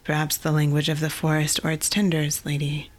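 Woman doing a loyal young swordsman, polite and plain, a little lower. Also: monotone, brisk. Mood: respectful. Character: loyal young male sword champion, respectful.

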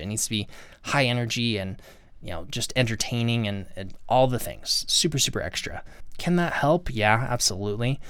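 A man's voice: on the low side, smooth, no room sound. A man hosting his own channel, giving earnest, conversational advice to the camera and often restarting his sentences. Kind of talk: casual talk-to-camera advice.

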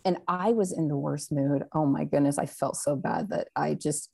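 A woman's voice: deep voice, normal speed, vocal fry, mellow, slightly rough. A woman guest on a faith talk show, telling a story animatedly and laughing often.

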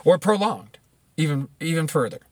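A man's voice: a little high, lively intonation, moderate pace, very noisy. A man giving blunt, profane, rambling commentary, often restarting his sentences.

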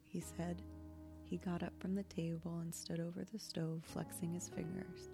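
A woman host reading a bedtime sleep story aloud, soft-spoken and soothing. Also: lowish voice, level tone, normal speed, creaky. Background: soft meditation music.

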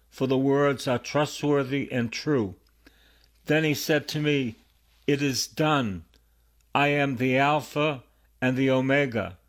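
A male priest in the middle of a Bible teaching sermon, earnestly repeating his key phrases so they sink in. He speaks at a slow, unhurried pace with a medium-pitched voice.

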